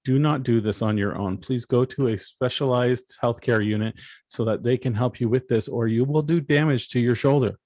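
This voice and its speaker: A man co-hosting a casual podcast, relaxed, reading plot summaries aloud and adding dry jokes. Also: medium pitch, normal speed, no echo. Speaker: podcast co-host. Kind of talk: casual chat.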